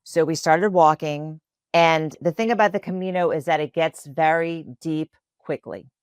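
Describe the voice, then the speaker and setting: Podcast guest, woman, Spanish first language, from New Orleans, low voice, heartfelt rambling storyteller. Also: moderate pace, smooth, dry recording. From New Orleans, USA. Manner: earnest, emotional, many fillers. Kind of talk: personal faith storytelling.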